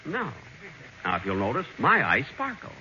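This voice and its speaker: A man playing a vain, self-satisfied glamour boy in a 1940s radio comedy, boasting in a dry, deadpan way. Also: mid-range voice, moderate pace, heavily acted. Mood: smug. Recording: muffled hissy 1940s radio broadcast.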